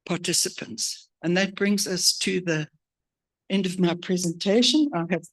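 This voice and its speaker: A presenter on a conference stage, running briskly and cheerfully through a list of agenda items. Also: medium pitch, fairly even intonation, a bit bright.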